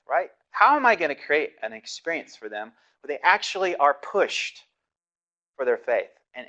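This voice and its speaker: A man's voice: mid-range voice, sharp tone, muffled recording. A man teaching a class in a conversational way, often restarting sentences and chuckling as he tells a story from his past. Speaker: instructor. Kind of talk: classroom lecture with personal storytelling.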